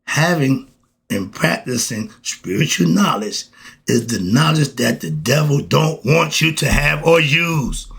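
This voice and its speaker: A channel host, a man, delivers a preachy, repetitive spiritual monologue packed with rhetorical questions, chuckling between points. His voice is mid-range, a bit bright and creaky, very animated but unhurried.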